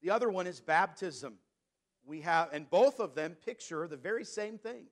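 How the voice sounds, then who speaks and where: A man preaching a sermon as pastor, reading scripture slowly and stressing key words. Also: sits high, lively intonation. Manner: preaching, reads scripture in King James wording, slows for emphasis.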